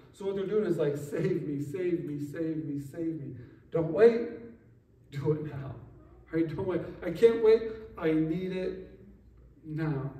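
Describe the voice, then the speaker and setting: A man's voice: high-pitched, dark tone. A man preaching a sermon in a casual, conversational way, with frequent asides to the congregation. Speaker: pastor. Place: church sanctuary. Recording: echoey church sanctuary, mic at a distance.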